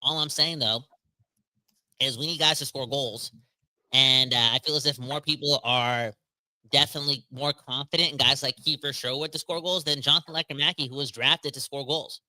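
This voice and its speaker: A man co-hosting a hockey podcast in casual chat, energetic and slangy, joking with viewers. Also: medium pitch, moderate pace, no echo. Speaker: podcast co-host.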